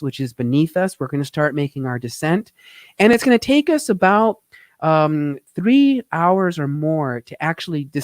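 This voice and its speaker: Narrating travel photos during a live show, a Phoenix, Arizona, host who teaches tax speaks earnestly and reflectively, his slightly high voice halting with fillers as emotion creeps in. The recording is dry and studio quality.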